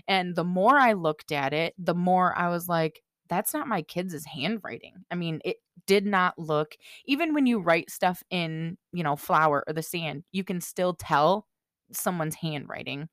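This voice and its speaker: A woman's voice: fairly low pitch, measured pace, a bit bright, no room sound, clean studio sound. Blunt, foul-mouthed woman telling a story. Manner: blunt and heavily profane, with lots of "like". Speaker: podcast co-host. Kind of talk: casual storytelling chat.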